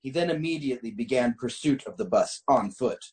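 A man's voice: mid-range voice, expressive, fairly quick, darkish tone. A man hosting a casual talk show, reading a funny story aloud and often breaking into laughter. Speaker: host reading a listener story.

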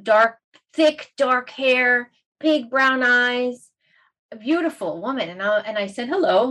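An emotional, animated woman in middle age tells a personal story in casual talk. She swings between soft and bright as she goes, in an ordinary mid pitch. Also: poor audio. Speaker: meditation teacher and guest.

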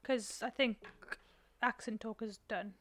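Podcast co-host, woman, slightly high voice, teasing and giggly. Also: fairly even intonation, measured pace, no echo. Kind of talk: casual chat.

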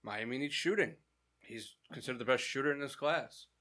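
Bright-voiced man in loose sports chat. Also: mid-range voice, fairly quick. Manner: loose and candid, admits what he doesn't know. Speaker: podcast co-host.

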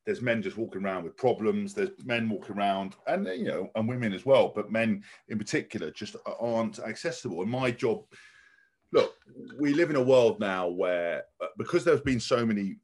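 A man's voice: lowish voice, lively intonation, normal speed, darkish tone. A man speaking as a podcast guest, blunt and outspoken, swearing freely and often restarting his sentences. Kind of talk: casual podcast conversation.

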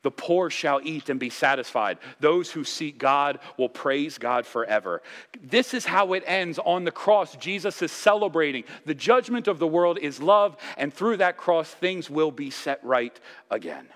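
A man's voice: fairly high pitch, lively intonation, a little slow, fairly bright tone, in a large hall. A male pastor preaching a sermon with impassioned emphasis, rising and dropping his voice to drive points home. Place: church sanctuary.

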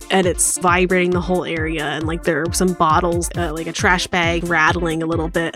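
Rambling woman game master, lowish voice. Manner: rambling, filler-heavy narration. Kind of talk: narrating a tabletop game.

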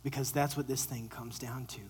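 A man preaching a sermon to a live audience, animated, joking with the crowd and dropping to a whisper for quoted lines. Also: medium pitch, moderate pace, a little hiss or hum, rough recording. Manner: jokes with the audience. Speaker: pastor.

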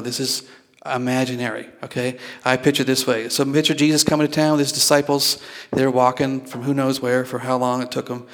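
A male pastor with a medium-pitched voice preaches a conversational sermon in church. He repeats words as he goes and draws the congregation in by asking them questions.

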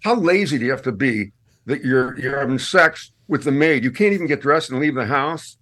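A man telling stories as a guest in casual radio chat. His voice sits at an ordinary middle pitch, but it jumps up sharply whenever he reaches a punchline. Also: brisk. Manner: animated storyteller, swings high for punchlines. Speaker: guest, podcast host.

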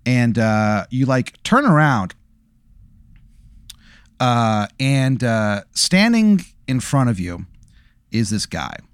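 A man's voice: medium pitch, very animated, takes it slowly, pauses often, clean tone, dry recording. A man runs a tabletop game, narrating with many fillers and relishing gory detail. His voice sits mid-range and is recorded dry and close. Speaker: game master.

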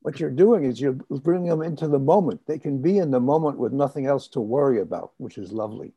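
Gravelly, husky-voiced male host. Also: mid-range voice, fast talker, dull audio. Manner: gentle, reflective, affirming. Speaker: podcast host. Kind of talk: casual interview.

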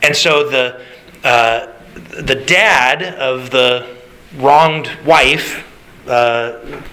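A man preaching a sermon, animated and conversational, acting out quotes as he goes. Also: medium pitch, extremely slow, rough recording. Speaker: pastor.

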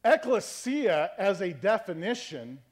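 A man with a notably high voice preaches a sermon in a relaxed, conversational teaching style. He checks in with his listeners often and plays with tone to make his points. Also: measured pace. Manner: conversational teaching, frequent "okay?" check-ins; varies tone to demonstrate meanings. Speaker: pastor.

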